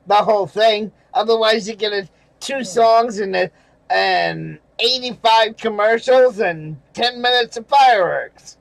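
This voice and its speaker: A man's voice: sits high, measured pace, creaky, no echo, poor audio. An older man reading viewer comments aloud and ranting angrily, sarcastic and swearing, with bitter chuckles. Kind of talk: casual rant over screenshots.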